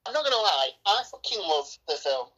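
A woman's voice: on the low side, sing-song, brisk, fairly bright tone, muffled recording. An Englishwoman chatting bluntly and enthusiastically about a film, swearing freely. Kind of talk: casual film review chat.

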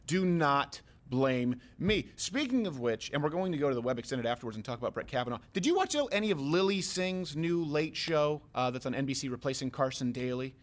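A man hosting a comedy talk podcast, riffing in quick, joking banter. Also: mid-range voice. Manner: animated, quick, joking asides. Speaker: host.

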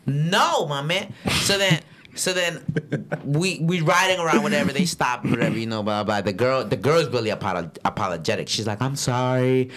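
A young man telling a story in a casual, profane chat, swinging into loud acted-out quotes. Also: medium pitch, lively intonation, moderate pace. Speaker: podcast co-host and rideshare driver.

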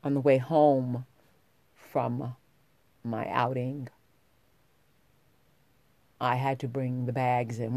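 A woman's voice: very deep voice, warm tone, dry recording. A woman vlogging, telling a personal story in a heartfelt, rambling way with many restarts, getting emotional as she talks.

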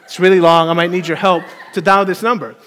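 A man preaching a sermon as pastor, telling a story with playful, animated asides to the congregation. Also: high-pitched, quick pace. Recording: long hall reverb.

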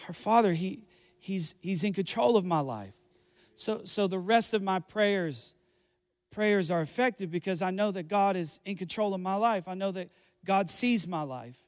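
Pastor guy preaching, kinda high voice, stumbles and repeats himself, big echoey church hall. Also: normal speed. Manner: repetitive, stammering restarts, builds to fervent preaching. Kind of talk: sermon. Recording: long hall reverb.

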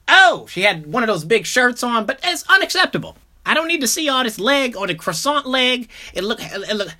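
Young guy podcast host, bright voice, swears a ton, all over the place telling a story. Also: very high-pitched. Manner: animated, profane, jumps between mumbling asides and loud outbursts. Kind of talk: casual comedic storytelling.

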